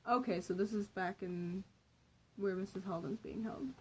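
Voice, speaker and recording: A young woman reads one of her old stories out loud in a relaxed, offhand way, stumbling and fixing words as she goes. Her voice sits at an ordinary middle pitch. A faint hiss runs underneath. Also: normal speed, poor audio. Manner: self-correcting, laughs at her own writing. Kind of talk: casual reading aloud of a story.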